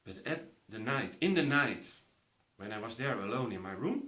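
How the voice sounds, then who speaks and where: A man's voice: medium pitch, sing-song, normal speed, a bit bright. A man vividly telling a personal story to an audience, acting out the voices of others. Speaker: speaker. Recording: roomy echo.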